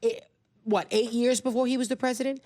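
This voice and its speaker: A man hosting a radio show, telling stories in an animated, theatrical way. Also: very high voice, fairly quick. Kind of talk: casual studio chat.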